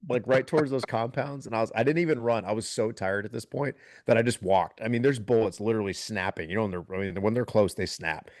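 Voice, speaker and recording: A military veteran guest with a very low voice tells a story in relaxed podcast conversation, talking fast with hardly any pauses. He's animated and laughs now and then, and the recording is dry and close with no room sound.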